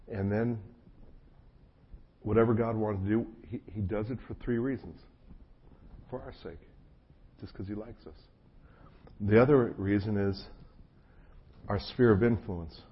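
Fairly low in pitch with a breathy edge, this New Jersey pastor preaches at a measured pace and pauses often. His conversational sermon wanders through folksy, self-deprecating anecdotes and asides, with a frog in his throat, and the lo-fi recording is muffled with a faint hum.

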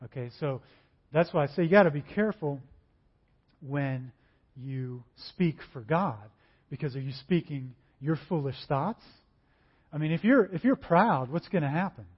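A man preaching a sermon, conversational and animated, acting out little dialogues in different voices. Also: on the high side, normal speed, slightly rough. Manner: acts out dialogues in varied voices. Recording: dull lo-fi recording.

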